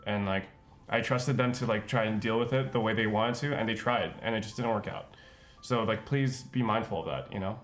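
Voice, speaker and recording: Earnest man with halting speech. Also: fairly low pitch, faint music behind. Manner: earnest, halting, full of "like" fillers. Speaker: streamer. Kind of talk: casual chat.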